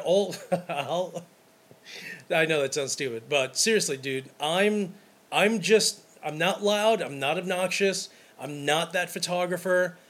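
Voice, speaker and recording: A wedding photographer in casual podcast chat, telling stories emphatically and acting them out, with plenty of false starts. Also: male voice, on the high side. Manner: animated, emphatic storyteller who acts out scenes; talks in repeated false starts.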